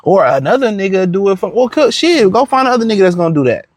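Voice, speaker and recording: A man with a high voice talks through a casual reaction rant. He is blunt and profane, and he circles back with slang and filler words. The sound is dry and close, with no room echo. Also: sing-song, quick pace. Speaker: commentator reacting to a clip.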